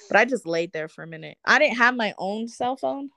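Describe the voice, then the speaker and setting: A woman's voice: a little high, animated, brisk, vocal fry, bright, forceful tone, no room sound. A woman in casual conversation, telling a personal story with frequent laughs and free swearing. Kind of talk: casual chat.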